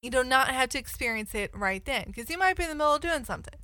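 A woman co-hosts a casual podcast, talking through her ideas at length. Her voice is bright and slightly high. It sounds dry and close. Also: animated, quick pace, no room sound. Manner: chatty, explains ideas at length. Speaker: podcast co-host. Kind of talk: casual chat.

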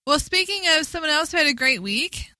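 Chatty woman with a bright voice. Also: sits high, expressive, fairly quick, dry recording. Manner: chatty, laughs often. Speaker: podcast co-host. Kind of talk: casual chat about gaming.

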